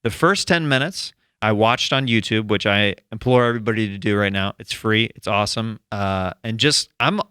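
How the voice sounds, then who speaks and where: Comic podcast host, low-ish bright voice, eager and rambling, dry close sound. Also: male voice, moderate pace, few pauses, clean tone, no room sound. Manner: enthusiastic, rambling with restarts. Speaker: comedian. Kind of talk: casual chat.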